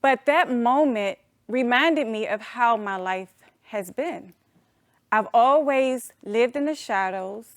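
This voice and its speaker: An adult woman telling a humorous personal story to an audience, animated and playful, calling them y'all. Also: fairly high pitch, slow pace, no room sound, clean studio sound. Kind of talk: storytelling talk.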